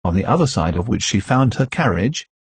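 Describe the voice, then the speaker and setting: A male audiobook narrator reading a classic novel in a measured, steady way. His voice sits low and sounds husky, and the recording is dry and close with no room sound. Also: no echo. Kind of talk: scripted narration.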